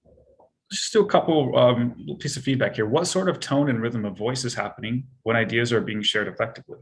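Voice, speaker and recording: A man presenting a persuasion training session, speaking softly and in a relaxed way on purpose, with many exploratory questions. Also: medium pitch, a little hiss or hum. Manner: deliberately soft-spoken and relaxed. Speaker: sales and communication trainer.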